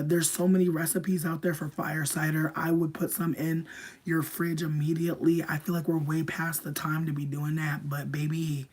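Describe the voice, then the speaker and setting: A young adult streamer with a sick voice, rambling casually to chat with heavy "like" filler, swearing freely and often dropping into a breathy half-whisper. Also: medium pitch. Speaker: livestreamer answering chat.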